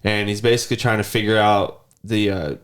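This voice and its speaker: A man's voice: on the low side, steady tone, fairly quick, fairly bright tone. A man in his thirties telling rambling stories in casual podcast chat, sometimes mimicking a child's whiny voice. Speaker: podcast host.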